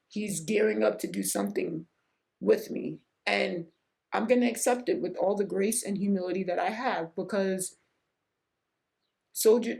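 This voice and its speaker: A woman's voice: medium pitch, creaky, a little mellow. A middle-aged woman hosting a faith podcast, speaking earnestly and emotionally about surrender, often repeating herself for emphasis. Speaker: podcast host. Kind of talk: faith-based personal reflection.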